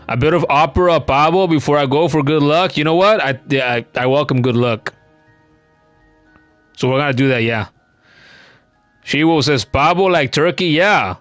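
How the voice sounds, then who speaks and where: A man's voice: on the high side, normal speed, long pauses, fairly bright tone, dry recording, soft background music. A man giving casual, chatty commentary while streaming a game, cursing now and then and reading chat comments aloud.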